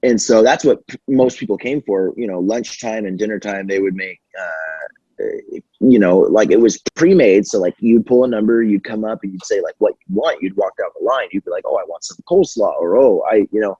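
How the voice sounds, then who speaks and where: A man's voice: on the low side, moderate pace, warm tone, slightly rough, dry recording, muffled recording. A young man telling stories in a casual podcast chat, rambling and profane with many fillers. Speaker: podcast guest.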